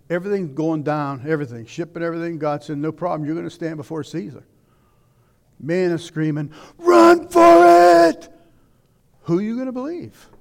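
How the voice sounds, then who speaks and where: An older man preaching a sermon, swinging between loud declaiming and hushed asides. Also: fairly high pitch.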